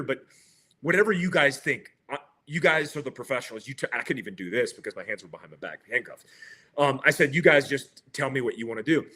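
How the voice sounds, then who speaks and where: A man's voice: mid-range voice, animated, quick pace, pushed and bright. A middle-aged man, a guest in an interview, animatedly retelling events and quoting what others said, often laughing. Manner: retells with quoted dialogue and laughs. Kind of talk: animated storytelling.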